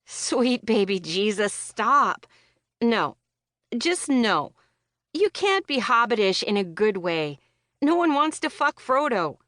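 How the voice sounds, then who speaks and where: A woman's voice: on the high side, very animated, slow, fairly bright tone, no room sound, studio quality, exaggerated voice. A woman voicing a brash, foul-mouthed young woman who teases her friend with sarcasm, in an audiobook. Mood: mocking. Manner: sarcastic, teasing, crude.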